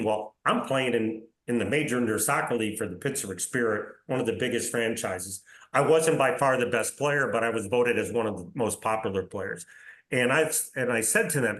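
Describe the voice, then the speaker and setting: Man, 60s, podcast guest, middle pitch, animated storyteller acting out dialogue, echoey room. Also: moderate pace. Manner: animated anecdotes with reported dialogue and tag questions. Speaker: interview guest, soccer league commissioner. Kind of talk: casual storytelling in a podcast interview. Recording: roomy echo.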